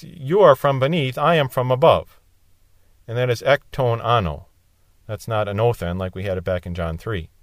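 A man at a middle pitch, giving a verse-by-verse Bible lesson. He explains each passage in plain terms and lifts his voice to stress the quoted words. The sound is dry and close, with no room echo. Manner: explanatory, rising in emphasis on quoted cries. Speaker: Bible teacher.

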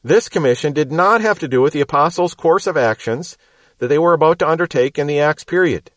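A man teaching the Bible verse by verse, explaining word meanings in a measured, emphatic way. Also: on the high side, animated, no echo.

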